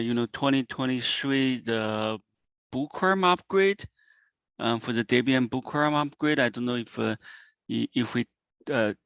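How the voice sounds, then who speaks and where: A man's voice: mid-range voice, creaky, a bit bright, no echo. A man chairing an online technical meeting, hesitant, with many fillers. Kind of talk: meeting discussion. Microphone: video call. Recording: dull, dry call audio.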